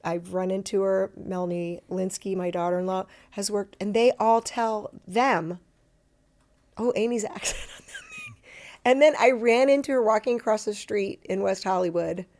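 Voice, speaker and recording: A woman's voice: medium pitch, normal speed, hardly any pauses. Chatty woman actress telling stories. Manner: chatty, self-deprecating, lively storyteller who slips into voices. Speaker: actress and podcast guest. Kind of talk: casual interview chat.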